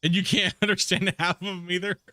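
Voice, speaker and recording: A man's voice: sits high, pushed and bright, dry recording, clean studio sound. A man, streaming a game and chatting casually with viewers, rambling and laughing often. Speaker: gaming streamer. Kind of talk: casual let's-play commentary.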